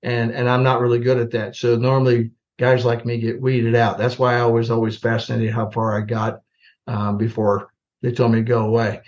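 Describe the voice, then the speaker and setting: A retired U.S. Army general, now older, guests on a podcast and tells stories at a normal speed with lively, self-mocking humor, voicing both sides of past conversations. His pitch is mid-range for a man, and the audio is a bit muffled and lo-fi.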